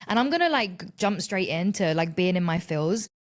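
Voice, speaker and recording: A woman's voice: lowish voice, animated, moderate pace. A woman in her thirties hosting a solo podcast, talking candidly and expressively, with plenty of swearing as she tells her story. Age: 30s. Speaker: podcast host. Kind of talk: casual solo podcast monologue.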